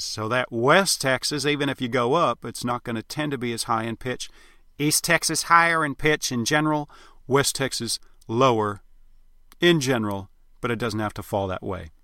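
A man teaching accents as a dialect coach, explaining sounds in a measured, instructional way and demonstrating examples. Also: medium pitch, bright, forceful tone, dry recording, clean studio sound. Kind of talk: instructional narration.

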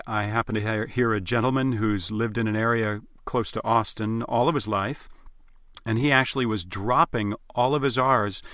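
A man teaching accents as a dialect coach, explaining sounds in a measured, instructional way and demonstrating examples. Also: medium pitch, fairly bright tone, no echo, clean studio sound. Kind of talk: instructional narration.

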